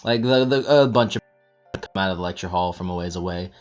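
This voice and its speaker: A man narrating a tabletop game as game master, halting and searching for words, on a dull lo-fi recording. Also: low voice, soft background music.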